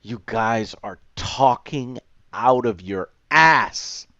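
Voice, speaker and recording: A man's voice: medium pitch, expressive, extremely slow, sharp tone, dry recording, muffled recording. A man reviewing a show online, ranting passionately and swearing. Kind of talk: heated video commentary.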